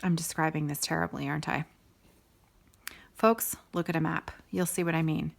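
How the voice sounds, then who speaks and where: A middle-aged woman talks straight to her viewers in a relaxed, chatty way, drifting into one sidebar after another. Her voice sits a little low, and she sounds warm and eager as she goes. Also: normal speed, creaky. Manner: chatty and rambling, with asides and sidebars; warm and enthusiastic. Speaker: host of a stitching video show. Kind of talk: casual chat to viewers.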